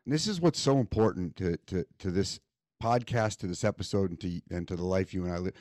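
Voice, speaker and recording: Man, podcast host, earnest, emotional, measured delivery, lowish voice, dry sound. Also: a little mellow, no echo. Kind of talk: reflective interview talk.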